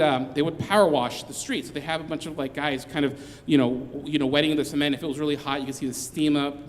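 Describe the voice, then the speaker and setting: Rambling storyteller man, slightly high voice. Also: in a large hall. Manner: rambling, with many restarts and asides. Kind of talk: live comic storytelling. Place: live venue stage.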